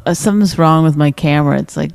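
A woman's voice: low-pitched, fast talker, creaky, a little mellow. A woman co-hosting a podcast, chatting casually with teasing, dry humor. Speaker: podcast co-host. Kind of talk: casual chat.

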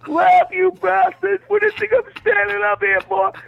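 Shrill squawking stand-up comic, desperate, heckling the crowd, way up high. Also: male voice, vocal fry, full character voice, poor audio. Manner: desperate, needling the audience. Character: shrill self-pitying male stand-up comic.

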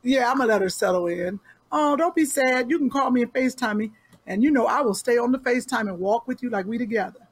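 A woman's voice: fairly high pitch, quick pace, breathy edge, no echo. A woman host in casual chat who gives advice in a direct, caring, teasing way and speaks informally. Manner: informal speech with dropped verbs.

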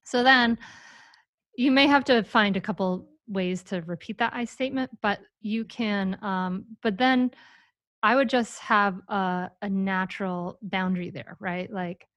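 A woman coaching a parent on a live call, animated and demonstrative, slipping into little acted examples. Her voice sits at an ordinary middle pitch. It is recorded close and dry, with no room sound. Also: a little slow, dry recording. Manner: playful, demonstrative, acts out examples.

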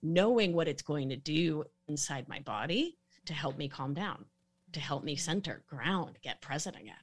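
A woman speaking calmly as a podcast guest, explaining with a gentle, sing-song inflection. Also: low-pitched, moderate pace. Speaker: guest expert on sex and the nervous system. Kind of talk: casual podcast chat.

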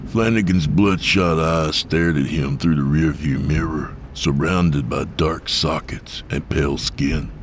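A man narrating a horror story in a steady, measured way. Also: extremely low pitch, noisy background.

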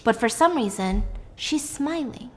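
Animated young woman retelling a movie. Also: fairly high pitch, a little slow, long reverb tail. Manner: animated, swears casually. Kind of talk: casual film plot recap.

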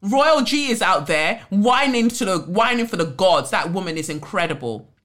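A woman, hosting a podcast in casual chat, blunt and animated, swearing freely. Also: mid-range voice, normal speed. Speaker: podcast host.

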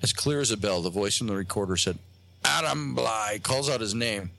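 A man with a fairly low voice tells a story as a guest on a talk show. He pauses often, restarts his sentences and fills the gaps with "uh" and "um.". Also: a bit bright. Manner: halting, many fillers and restarts. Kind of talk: casual storytelling on a radio show. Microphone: phone line.

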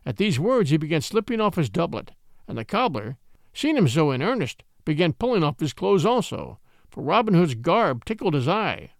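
Expressive male storybook narrator. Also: on the high side, normal speed, gravelly, no room sound, studio quality. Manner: expressive, lively reading. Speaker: audiobook narrator.

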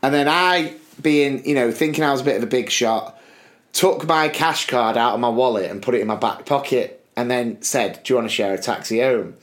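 In a brisk, medium-pitched voice with a British English accent, a male podcast co-host recounts a long personal anecdote in casual conversation and keeps breaking into laughter.

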